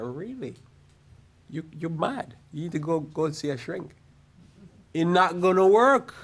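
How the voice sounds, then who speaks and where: A male pastor preaching a sermon in a church, his voice sitting a touch higher than most men's. He talks in an easy, conversational way and slips in stories from church life. He slows right down to stretch out the phrases he wants to land. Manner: drawn-out emphasis on key phrases. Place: church sanctuary.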